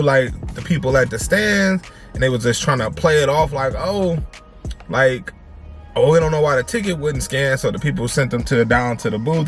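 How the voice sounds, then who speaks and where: Male vlogger, mid-pitched, animated slangy storyteller, faint music underneath. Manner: animated, repeats phrases for emphasis; slangy, conversational. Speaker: family vlogger. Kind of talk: casual storytime to camera.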